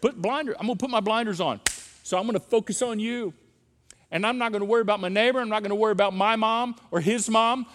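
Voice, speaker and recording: A middle-aged male pastor preaching with emphasis, repeating key phrases again and again to drive his point home. His voice sits notably high for a man. A long reverb trails behind him from a large church auditorium. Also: fast talker, fairly bright tone, slight background noise. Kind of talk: sermon on parenting.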